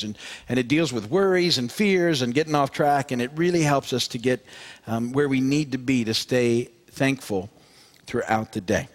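A man preaching a sermon to his congregation as pastor, speaking conversationally with many fillers and repeated words. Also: medium pitch.

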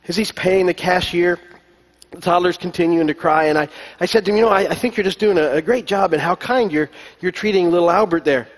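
Pastor with a hesitant, folksy delivery. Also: male voice, a little high. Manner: relaxed storytelling with many fillers and restarts. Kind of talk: sermon. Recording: long echo of a large hall.

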